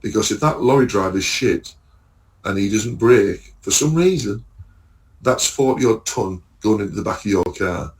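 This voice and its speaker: Sweary lorry driver telling stories. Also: male voice, on the low side, moderate pace, poor audio. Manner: animated storytelling, acts out dialogue, swears freely. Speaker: lorry driver and podcast guest. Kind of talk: casual chat.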